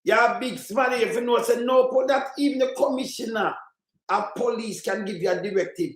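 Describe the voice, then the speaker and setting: A man with a Jamaican accent ranting angrily about politics in patois, repeating himself and bursting into shouts. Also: very high-pitched, brisk, roomy sound, low-quality recording. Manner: heated, repetitive, bursts into shouting. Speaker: commentator. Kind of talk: angry political rant in patois.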